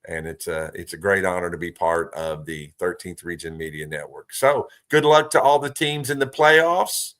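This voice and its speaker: A man's voice: sits low, expressive, moderate pace, hardly any pauses, a bit bright. A man, hosting a local sports talk show in an earnest, folksy way. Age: 50s. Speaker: host. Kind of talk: casual talk show chat.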